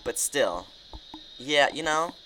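A young podcast host chatting casually, ranting in an animated way and reading out questions to co-hosts. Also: slow pace, noisy background. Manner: animated, ranting, swings pitch widely. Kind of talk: casual chat.

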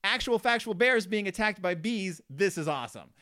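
A man doing an excited cartoon bear cub. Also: high-pitched, a little fast, pitched above the performer's own voice. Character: eager young male cartoon bear cub.

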